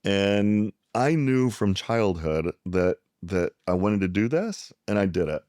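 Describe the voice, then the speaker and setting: A man's voice: on the low side, takes it slowly, dry recording, clean studio sound. A middle-aged man from South Texas, a psychiatrist guest, telling a story in conversation and acting out the people he quotes. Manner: animated storyteller who acts out the people he quotes.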